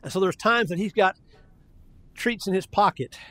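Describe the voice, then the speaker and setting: A man's voice: high voice, normal speed, pushed and bright. An older man preaching a sermon in a folksy, conversational way, often restarting his sentences.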